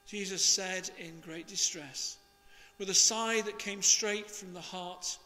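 A man, a priest, reading the Gospel and preaching in a slow, measured, expressive way. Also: sits high, long reverb tail.

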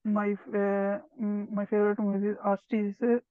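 A woman's voice: medium pitch, monotone, no room sound. Hesitant woman learner on a tinny line. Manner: hesitant, halting, many pauses and fillers. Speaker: English learner taking a test. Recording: tinny, phone-like call audio.

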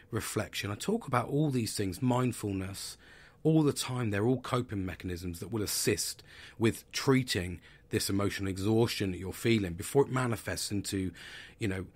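A man's voice: mid-range voice, breathy edge. A man in his thirties hosting a podcast, talking candidly and bluntly about stress, swearing and restarting his sentences. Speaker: podcast host. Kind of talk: candid personal talk on mental health.

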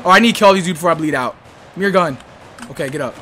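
A man doing excitable, slangy gameplay commentary, muttering one moment and yelling the next. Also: on the high side, rapid-fire, heavy background noise. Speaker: gaming YouTuber. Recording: gunfire from the game behind.

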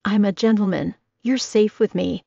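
A woman's voice: medium pitch, moderate pace, gravelly, mellow, no echo, voice pushed up. A woman reading a teasing young cowboy. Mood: teasing calm. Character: charming shirtless young male cowboy. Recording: dry, dull lo-fi recording.

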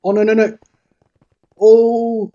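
High-voiced dude gaming, yelling at his buddy to hurry up. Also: monotone, takes it slowly, muffled recording. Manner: urgent, cheering on his partner. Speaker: gamer. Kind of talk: casual gaming commentary.

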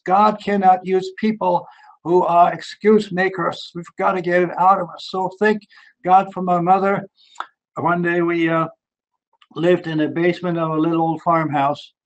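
A man's voice: on the high side, rough recording. A man, preaching earnestly and telling his life story with emphatic repetitions. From Germany. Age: 70s. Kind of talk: sermon.

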